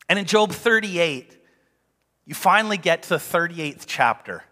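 A male pastor preaching a sermon in an animated, conversational way. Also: high-pitched, unhurried, in a large hall. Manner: animated, conversational, acts out quotes.

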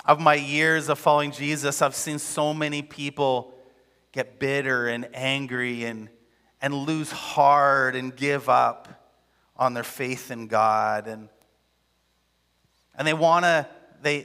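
A man's voice: mid-range voice, takes it slowly, sharp tone, clear, resonant tone, long reverb tail. A man preaching a casual, conversational sermon in a church, full of rhetorical questions. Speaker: pastor.

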